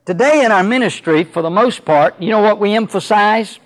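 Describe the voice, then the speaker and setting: A man preaching a sermon who reads scripture slowly and solemnly and then drives his points home with rising emphasis and rhetorical questions. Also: high-pitched, expressive, low-quality recording.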